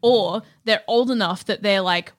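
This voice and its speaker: A young woman co-hosting a comedy podcast, making dry, deadpan jokes in casual chat. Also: mid-range voice, measured pace. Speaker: podcast co-host.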